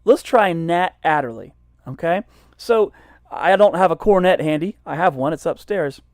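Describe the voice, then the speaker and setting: A man's voice: a little high, normal speed, no room sound. Man teaching jazz, dry close sound. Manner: relaxed, self-deprecating, explains as he goes. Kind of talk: casual instructional talk.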